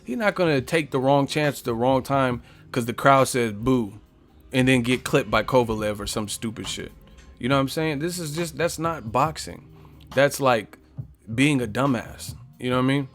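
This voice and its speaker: A man's voice: mid-range voice, normal speed, soft background music. A man hosting a boxing live stream in a casual, profane, joking way, reading viewer comments aloud and trash-talking back at them.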